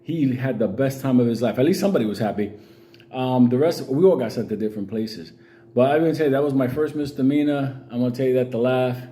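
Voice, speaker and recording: A man's voice: mid-range voice, fast, dark tone. A middle-aged man telling a rambling, profane story in casual vlog talk, laughing at his own tale. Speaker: vlogger.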